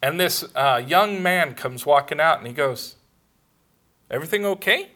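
A man's voice: on the high side, normal speed, pushed and bright. A man preaching a sermon, telling a personal story with laughs and acted-out dialogue. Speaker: pastor.

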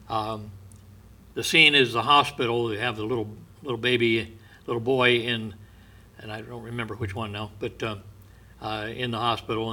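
Male pastor, sermon delivery, bright tone, unhurried storytelling with soft asides. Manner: unhurried storyteller, often dropping to a soft, low voice.

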